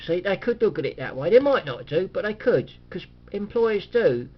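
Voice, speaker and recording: A man's voice: high-pitched, big pitch swings, normal speed, hardly any pauses, husky, highs cut off. A man rambling in a casual monologue, chatty and cynical, chuckling often and restarting his sentences. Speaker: vlogger.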